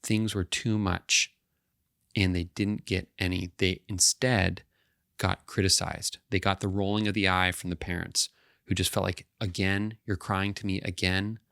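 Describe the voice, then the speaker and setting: A man's voice: low voice, flat delivery, measured pace, creaky, pushed and bright, no room sound, clean studio sound. A male counselor giving an educational talk to camera, explaining step by step and often checking in with the listener.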